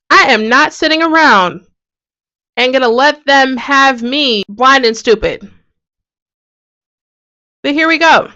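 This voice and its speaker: A woman hosting a video, giving casual, animated commentary on ancient texts with a sarcastic edge and frequent laughs. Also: high-pitched, muffled recording. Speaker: video host.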